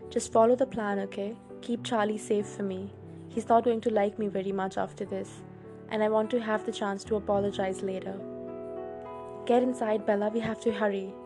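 A woman's voice: medium pitch, level tone, normal speed, music in the background, natural voice. Woman reading as an urgent, protective young man. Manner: urgent and fierce. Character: urgent, protective teenage boy.

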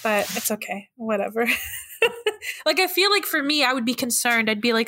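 A woman co-hosting a podcast, chatting casually about a movie, animated, laughing often and swearing freely. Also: fairly high pitch, normal speed, no echo. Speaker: podcast co-host.

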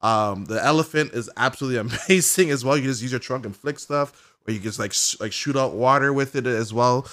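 A man with a medium-pitched voice co-hosts a casual gaming podcast, talking fairly quickly with few pauses. He rambles through an event recap, leaning hard on "like" and excitedly acting out characters' reactions.

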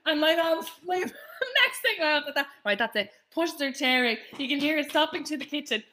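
High-pitched laughing woman. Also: moderate pace, a little hiss or hum. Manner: animated storyteller, laughs a lot. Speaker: podcast co-host. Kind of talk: casual chat.

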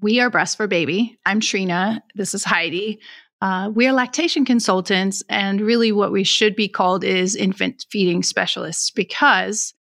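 A woman's voice: medium pitch, steady tone, normal speed, fairly bright tone, no room sound, studio quality. A woman guest, a lactation consultant, explaining her work in an upbeat way. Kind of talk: interview answer.

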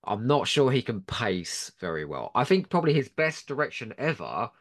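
A man co-hosting a casual panel podcast, playful and quick to laugh. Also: medium pitch, sing-song. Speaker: podcast co-host.

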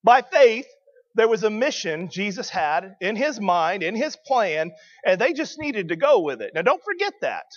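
Man, preacher, sermon, very high voice, dull lo-fi sound. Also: a bit bright. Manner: emphatic, asks the congregation questions.

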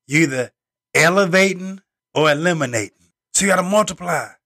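A man hosting a motivational podcast, speaking in punchy, repeated slogans with preacher-like emphasis, swinging between loud bursts and low asides. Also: expressive, a little fast. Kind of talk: motivational monologue.

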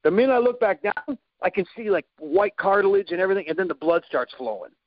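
A man telling a story in a casual chat, animated, acting out sound effects and quoted lines. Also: high voice, quick pace, no room sound, muffled recording.

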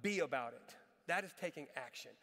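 A middle-aged male pastor with a notably high voice delivers a sermon in a large church hall, his words trailing off into a long reverb. He tells stories with lively humor and preaches with emphatic, rhetorical questions to the congregation. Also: a little fast, vocal fry. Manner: animated, humorous storytelling. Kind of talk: sermon with a personal story. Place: church sanctuary.

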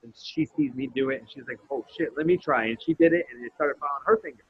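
A man's voice: medium pitch, fast, highs cut off, a little hiss or hum. A man telling a story in casual podcast chat, swearing freely and acting out the lines he quotes. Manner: profane, animated storyteller who acts out quotes.

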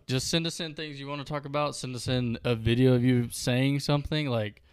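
A laid-back male podcast co-host, chatting loosely at an easy, friendly pitch. His voice is smooth and clean. The mic is close and dry, with no room sound. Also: fairly even intonation, a little fast, no room sound. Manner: laid-back, loose, drawling sign-off with fillers. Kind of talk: casual chat.

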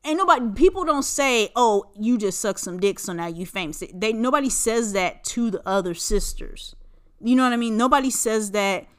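With a clean, fairly bright mid-range voice, this forties-aged woman runs a relaxed one-person podcast. Her delivery is frank and sweary, wandering from point to point and full of fillers.

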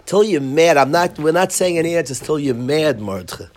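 A man teaching a Torah lesson to a class of boys, animated and sarcastic, calling on students by name. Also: fairly high pitch, brisk.

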